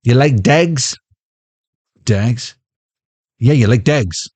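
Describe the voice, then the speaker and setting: A man's voice: medium pitch, animated, very slow, a little mellow, breathy edge, dry recording, full character voice. A man putting on a barking takeout-counter worker. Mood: gruff. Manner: curt, barking. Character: gruff shouting male takeout-counter worker.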